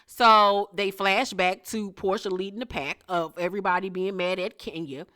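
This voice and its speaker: Sassy woman doing a reality tv recap, blunt and cussing a lot, jumps way up high when something shocks her. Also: fairly even intonation, moderate pace, bright, forceful tone. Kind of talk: casual recap commentary.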